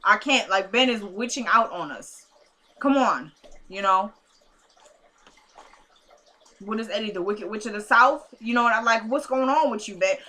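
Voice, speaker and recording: Chatty woman vlogger recapping a drama episode, bright, sassy asides, middle pitch. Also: measured pace, long pauses. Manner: chatty, sassy asides, retells scenes in quoted dialogue. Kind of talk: casual episode recap vlog.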